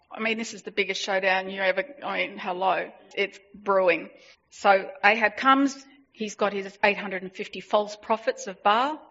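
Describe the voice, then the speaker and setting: A woman preaching a sermon, retelling a story with animated emphasis and repeated phrases. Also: medium pitch, unhurried. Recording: dull lo-fi sound.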